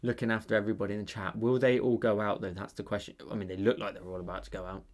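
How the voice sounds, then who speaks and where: A man chatting casually on a livestream while he paints, rambling and thinking out loud with many fillers. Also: on the low side, flat delivery, racing.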